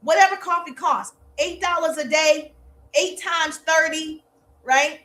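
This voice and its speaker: A woman's voice: high-pitched, measured pace, fairly bright tone. A woman marketing coach giving an emphatic, playfully sarcastic motivational lesson. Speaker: social media marketing coach. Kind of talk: live motivational teaching talk.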